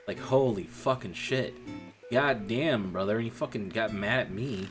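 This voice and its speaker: A man's voice: lowish voice, moderate pace. A young man in a casual, profane rant, venting bitterly about an old job. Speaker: streamer. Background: music.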